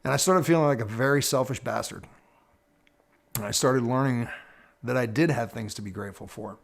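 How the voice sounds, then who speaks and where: A middle-aged man talks straight to his viewers in an earnest, measured way. He tells a personal story with reflective pauses, and his voice sits at an ordinary pitch for a man. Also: vocal fry. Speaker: personal development teacher. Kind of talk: reflective personal talk to camera.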